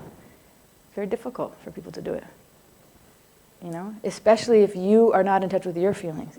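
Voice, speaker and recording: A middle-aged psychology lecturer with a lowish, warm voice teaches a live class. Her style is chatty and roundabout; she slips into asides, laughs readily and keeps checking that her students are following.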